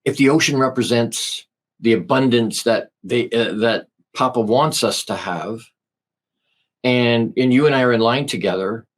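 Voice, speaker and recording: A man talking earnestly as a podcast guest, halting and restarting as he tells spiritual stories. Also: mid-range voice. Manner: halting, with many restarts and fillers. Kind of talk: casual conversation.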